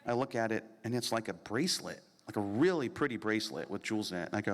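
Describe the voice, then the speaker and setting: A man telling a comic story at a convention panel, animated and profane, acting out the other people in it. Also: lowish voice, quick pace. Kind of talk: comedic storytelling at a live panel. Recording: echoey convention hall.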